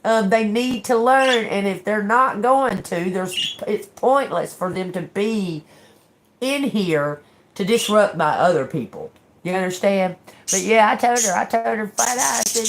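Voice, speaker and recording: A woman tarot reader hosting a livestream, ranting in a casual way. She is animated, laughs often, swears freely, and acts out quoted exchanges. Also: on the low side, measured pace, slight background noise.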